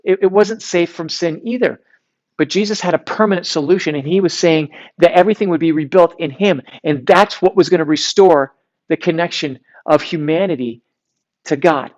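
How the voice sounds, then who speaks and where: A man preaching to a youth group in a relaxed, conversational way, reading scripture aloud with frequent restarts. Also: fairly high pitch, moderate pace, muffled recording. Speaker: youth pastor. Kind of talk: sermon.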